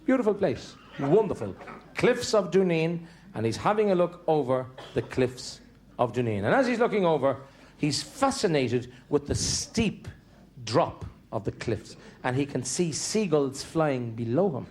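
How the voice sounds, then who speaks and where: A middle-aged man with a Dublin accent telling comic stories on stage in a chatty, deadpan way. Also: on the high side, unhurried. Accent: Dublin Irish. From Dublin, Ireland. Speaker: stand-up comedian. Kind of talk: stand-up comedy storytelling.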